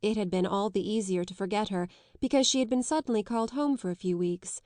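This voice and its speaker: A woman's voice: mid-range voice, no echo. Dry, close woman reading a classic novel. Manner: measured, even literary reading. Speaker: audiobook narrator. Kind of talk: scripted narration of a classic novel.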